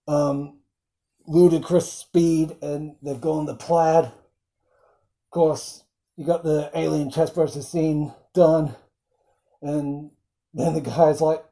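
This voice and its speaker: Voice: mid-range voice, level tone, takes it slowly, dark tone. A film reviewer talking casually, rambling with many fillers and fondly quoting film lines. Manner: fond, quotes film lines.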